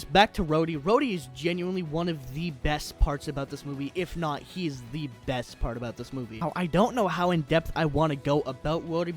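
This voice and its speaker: A man's voice: fairly high pitch, a little mellow. A young man giving a casual, slangy film review, sometimes tripping over his words. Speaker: YouTube movie reviewer. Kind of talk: casual movie review monologue.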